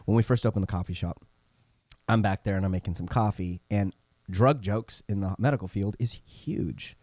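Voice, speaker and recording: Dry, low-voiced man telling stories. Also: normal speed, no room sound. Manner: animated, acts out quoted voices. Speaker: podcast co-host. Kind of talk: casual storytelling chat.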